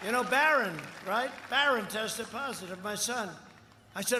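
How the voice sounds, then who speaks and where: A man's voice: high-pitched, moderate pace, pushed and bright, some chatter behind. A man in his seventies giving a campaign rally speech, rambling and repetitive with mocking asides. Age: 70s. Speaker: political candidate at a rally. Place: large outdoor rally. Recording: echoey rally sound system with long reverb and faint noise.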